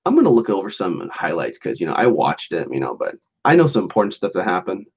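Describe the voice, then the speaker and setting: A man's voice: low voice, wildly swooping pitch, fast talker, breathy edge, lo-fi sound. A man hosting a casual solo podcast, rambling loosely with lots of fillers, restarts and chuckles. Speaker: podcast host.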